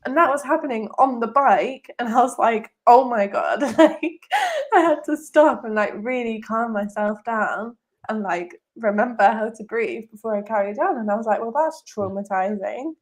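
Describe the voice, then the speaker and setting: A woman's voice: a little high, normal speed. A woman co-hosting a casual podcast chat, telling candid stories and acting out her own reactions. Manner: candid, storytelling with quoted reactions. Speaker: podcast co-host.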